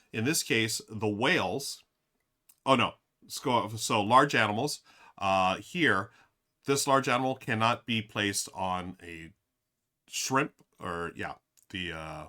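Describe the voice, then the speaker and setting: A man with a fairly low, pushed, bright voice streams a board game, thinking aloud with lots of fillers. He talks straight to his chat in casual live-stream commentary.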